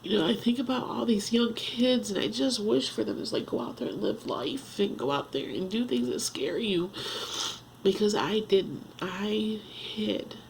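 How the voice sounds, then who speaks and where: Woman, 50s, heavy vocal fry, mid pitch; halting, heartfelt confessional vlog from home. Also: slight background noise, rough recording. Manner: halting, earnest, self-searching talk with many restarts. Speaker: vlogger.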